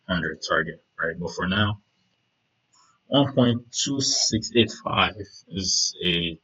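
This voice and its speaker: A man's voice: low voice, sharp tone, husky, lo-fi sound. A man casually talking through trading charts, rambling with many fillers and "right?" checks. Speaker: trading video host.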